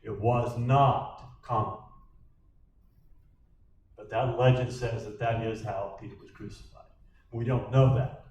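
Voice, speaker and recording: A man's voice: medium pitch, steady tone, a little slow, long pauses, a little mellow, muffled recording, slight background noise. A man leading a Bible study as pastor, repeating each question aloud before he answers it. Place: church meeting room. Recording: roomy echo from a distant mic.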